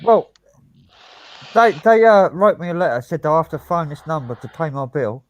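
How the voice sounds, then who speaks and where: A man's voice: a little high, expressive, normal speed, no room sound. A man chatting casually, blunt and heated, swearing heavily as he speaks. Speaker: podcast co-host. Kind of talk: casual chat.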